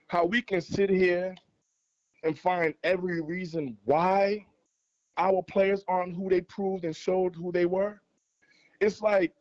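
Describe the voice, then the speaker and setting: His voice sits high with a darkish tone, captured in a muffled recording. As a guest caller on a fan livestream, he gets into a heated sports debate, arguing with passion and repeating himself to make his points land.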